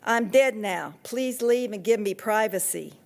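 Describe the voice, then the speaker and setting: A woman voicing a gruff, eccentric old woman who talks in curt, blunt commands. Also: medium pitch, a little slow.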